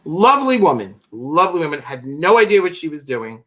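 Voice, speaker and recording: A man's voice: a little high, expressive, fairly quick. A man telling a long, rambling anecdote as a live-stream guest, interrupting himself and laughing as he goes. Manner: rambling, self-interrupting, laughing through his story. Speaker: guest, fan club founder. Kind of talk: animated storytelling on a live stream.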